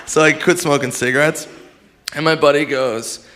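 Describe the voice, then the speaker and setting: A man's voice: a little high, fairly even intonation, normal speed, a bit bright. A man doing a stand-up routine on a club stage, with a laid-back, offhand delivery. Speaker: stand-up comedian. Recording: live set with audience noise. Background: audience.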